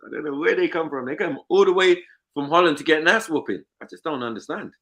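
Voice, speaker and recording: A man's voice: a little high, fast, a bit bright. A man hosting a live stream, mocking a caller with brash, laughing trash talk.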